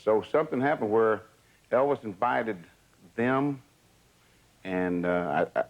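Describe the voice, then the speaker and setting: Older guy, kinda low voice, tells it plain and steady. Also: measured pace, lo-fi sound. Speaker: interviewee, former entourage member. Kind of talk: storytelling reminiscence.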